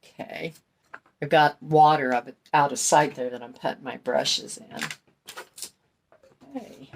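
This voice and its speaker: Woman, middle-aged, folksy craft tutorial chat, lowish voice, unhurried. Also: fairly even intonation, slight background noise. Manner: chatty, folksy, talks while working. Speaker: crafting channel host. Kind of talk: casual craft tutorial talk.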